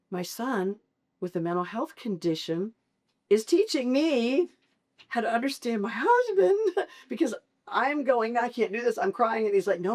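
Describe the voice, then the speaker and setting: A middle-aged woman, a podcast guest, telling a personal story with feeling, laughing often and acting out the dialogue. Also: on the high side. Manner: expressive, laughs often, acts out quoted dialogue.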